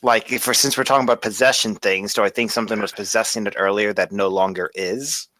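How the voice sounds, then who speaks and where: A man playing a tabletop game, asking quick questions. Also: lowish voice, steady tone, bright, forceful tone, no room sound. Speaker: player. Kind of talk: casual tabletop play.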